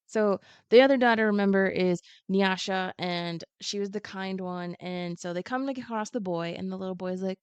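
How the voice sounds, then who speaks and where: A woman retelling a children's picture book in a relaxed podcast chat, lively and expressive as she slips into the characters' lines. Her voice is mid-pitched and expressive. The sound is dry and a little dull, like a simple home setup. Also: smooth, dry recording. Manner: animated, acts out characters' lines in quick asides. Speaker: guest.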